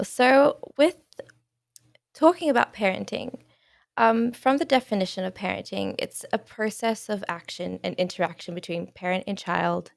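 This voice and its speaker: A woman hosting a podcast, asking measured interview questions and reading out a definition before her question. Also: medium pitch, vocal fry, no room sound, clean studio sound. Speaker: podcast host.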